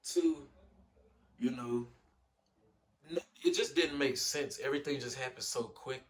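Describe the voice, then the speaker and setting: A young man telling a personal story in a casual vlog, animated, with lots of fillers and acted-out quotes. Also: medium pitch, a little slow, far from the mic, background noise. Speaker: vlogger.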